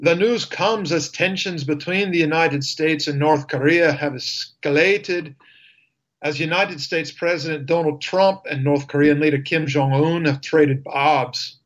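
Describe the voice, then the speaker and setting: A man's voice: on the high side, a little slow, lightly acted. A man reading news in an exaggerated, clumsy mock Scottish accent. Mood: mock serious.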